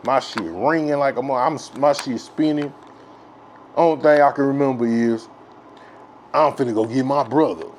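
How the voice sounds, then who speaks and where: Man from texas, casual profane storytelling, rambling fillers, loud excited bursts, mid-pitched voice, faint hiss behind. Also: moderate pace. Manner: grows loud and excited with laughs. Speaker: host telling a childhood story.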